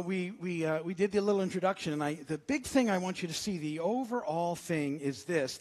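A man preaching a sermon as pastor, conversational and cracking jokes between scripture readings. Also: fairly high pitch. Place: church sanctuary. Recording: long church hall reverb.

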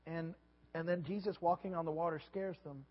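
A pastor preaching a sermon, animated and repeating his words, sometimes acting out voices. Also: fairly high pitch, fairly quick. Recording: dull lo-fi sound with long hall reverb.

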